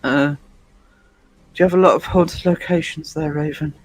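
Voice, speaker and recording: High-voiced man hosting a casual livestream. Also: steady tone, normal speed, no room sound, rough recording. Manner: rambling, with many fillers and restarts. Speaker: livestream host. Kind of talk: casual live chat with viewers.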